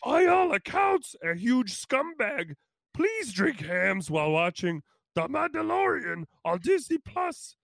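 A man doing a Yoda impression, reading a comic beer ad in a strained high croak with scrambled word order. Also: sing-song, takes it slowly, a bit bright, no echo, heavily acted. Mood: mock solemn. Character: [male] wise old alien master, inverted speech.

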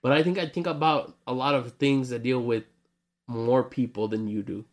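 A man in his twenties co-hosting a casual podcast chat, rambling and animated, often laughing. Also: medium pitch, normal speed. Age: 20s. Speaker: podcast co-host.

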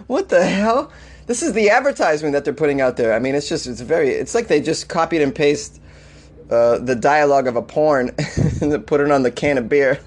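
A man with a slightly high-pitched voice hosts a comedy news show. He talks in a loose, riffing way, breaking into laughter and disbelief as he goes. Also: normal speed. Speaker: comedy news podcast host. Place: Los Angeles.

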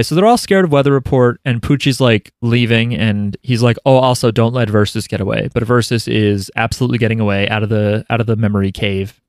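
A man's voice: medium pitch, smooth, dry recording, studio quality. A man chatting casually and recapping a show, rambling and joking with frequent laughter.

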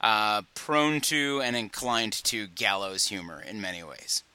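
Male podcast co-host, wry rambler, very bright, smooth voice. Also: lowish voice, animated, measured pace. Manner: rambling, many fillers and restarts; wry, joking. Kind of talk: casual chat.

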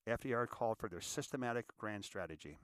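A man's voice: lowish voice, animated, fast talker, no room sound, clean studio sound. Emphatic man giving an inspirational talk. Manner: addresses listeners as ladies and gentlemen, repeats phrases for emphasis. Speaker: inspirational speaker.

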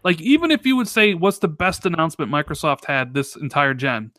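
A man's voice: on the high side, a little fast, dry recording. Rambling chatty man, dry close mic. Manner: animated, rambling with many restarts and fillers. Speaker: podcast co-host. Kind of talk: casual podcast chat.

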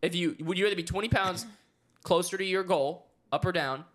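A woman's voice: on the low side, fairly quick. A young woman in casual group chat, playfully listing mock dating rules and quizzing friends. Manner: playful, jokey, lays out rules like commandments.

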